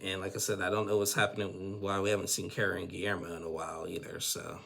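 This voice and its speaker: A man's voice: low-pitched, little pitch movement, fast talker, gravelly, sharp tone. A man hosting a casual, rambling recap of a reality show, chatty and full of restarts. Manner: rambling, chatty, with frequent restarts and "you know". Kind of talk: casual spoken episode recap.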